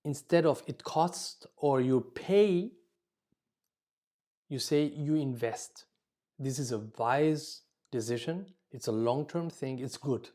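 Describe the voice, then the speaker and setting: Warm-toned man lecturing dentists. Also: medium pitch, slow pace. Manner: explains with example phrases, frequent "okay?" check-ins; self-corrects mid-word. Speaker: dental communication instructor.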